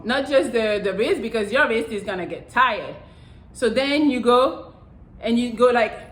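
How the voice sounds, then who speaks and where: Young female vlog host, higher-pitched, blunt and profane, casual delivery, echoey room. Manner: blunt, profane, repeats "I'm telling you". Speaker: channel host. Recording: roomy echo.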